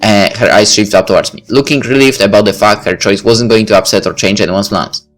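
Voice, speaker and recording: A man's voice: on the low side, fairly quick, faint music behind. A man reading a visual novel aloud in first person, breaking off for casual asides. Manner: casual asides between narration. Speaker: let's play reader.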